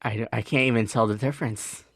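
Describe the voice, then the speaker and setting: A man co-hosting a podcast who tells a case in casual chat, halting often with fillers and restarts. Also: mid-range voice, steady tone, no room sound, studio quality. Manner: hesitant, many fillers and restarts. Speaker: podcast co-host.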